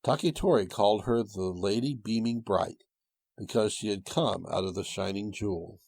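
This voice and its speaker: A man tells an old tale in a gentle, old-fashioned cadence. His voice is low and slightly husky. The recording is dry and close, with no room around it. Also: moderate pace, no room sound. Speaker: storyteller. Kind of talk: storybook narration.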